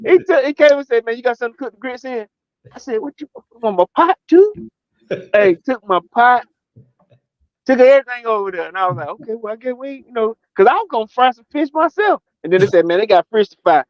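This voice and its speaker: Male co-host, lively raconteur, bright high pitch, dry lo-fi audio. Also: quick pace, dry recording. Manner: animated storyteller, acts out quotes, laughs often. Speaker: podcast co-host. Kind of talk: casual storytelling chat.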